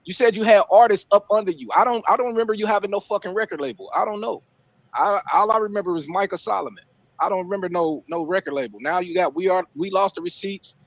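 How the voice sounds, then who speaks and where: Livestream guest, high-pitched man, confrontational and lecturing. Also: fast talker, no room sound, lo-fi sound. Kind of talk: heated livestream argument.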